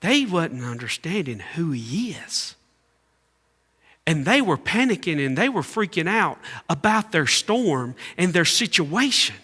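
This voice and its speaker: Male preacher, bright and leisurely, dramatic loud-soft swings, echoing church. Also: fairly high pitch, sing-song, measured pace, breathy edge. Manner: preaching with sudden swings between loud calls and hushed asides. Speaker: pastor. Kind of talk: sermon. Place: church sanctuary. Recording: echoey church hall.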